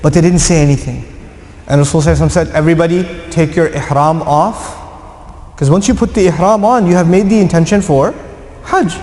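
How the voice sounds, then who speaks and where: A man giving an animated sermon-style lecture, full of repeated rhetorical questions, in a large hall. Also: sits high, rapid-fire. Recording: echoey hall with long reverb.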